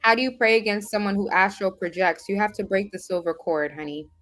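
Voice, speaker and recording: A woman delivering a spiritual motivational talk in a direct, streetwise manner. She drives her points home with preacher-like repetition, and her voice sits at a middle pitch. Soft music plays faintly beneath her. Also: a little fast. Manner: direct, streetwise address to listeners. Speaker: spiritual life coach.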